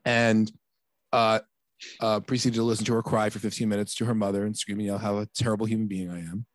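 A man's voice: lowish voice, fast talker, dry recording, clean studio sound. A man in his thirties or forties, a podcast co-host, telling a family story in casual chat and acting out the dialogue with exasperation. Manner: animated, exasperated, acts out quoted dialogue.

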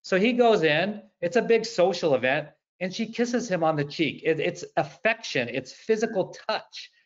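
A man's voice: high-pitched, animated, normal speed, muffled recording. A man speaking as a panel guest on a webinar, telling personal stories in a conversational way. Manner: storytelling, conversational. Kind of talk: webinar discussion.

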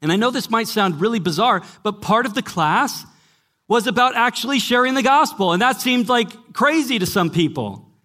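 A man's voice: extremely high pitch, lively intonation, moderate pace, sharp tone. A man preaching to a young adults gathering at church, telling stories emphatically and often saying "listen". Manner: emphatic storytelling, repeating "listen". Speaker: pastor and former college teacher. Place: church gathering before a live audience.

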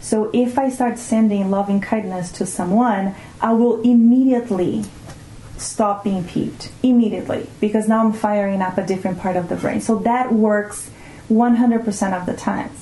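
A woman from Brazil, a mindfulness teacher calmly explaining emotions in an interview and slowing down to stress her points. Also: medium pitch, slight background noise. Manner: calm, reflective, often slows to stress words. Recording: roomy echo.

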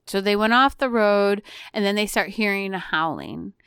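A woman's voice: medium pitch, moderate pace, fairly bright tone, clean tone, no room sound, studio quality. A woman co-hosting a casual movie-discussion chat, a bit tipsy from beer, swearing, laughing and acting out scenes. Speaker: podcast co-host.

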